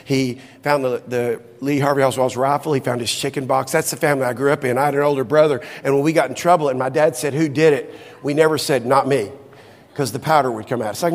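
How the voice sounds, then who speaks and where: A middle-aged man preaching a sermon and telling a personal story, shifting from soft low asides to high, excited exclamations. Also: fast talker. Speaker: pastor. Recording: long hall reverb.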